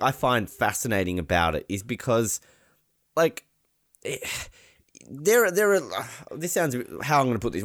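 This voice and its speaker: A man's voice: medium pitch, dry recording. Rambling sarcastic man, dry close mic. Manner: rambling, sarcastic, many fillers and restarts. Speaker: podcast co-host. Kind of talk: casual chat.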